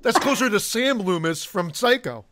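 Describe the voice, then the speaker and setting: Podcast dude ribbing his buddies, quick little jabs, voice jumping around. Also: high-pitched, lively intonation, a bit bright. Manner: teasing, quick quips. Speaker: podcast co-host. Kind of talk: casual chat.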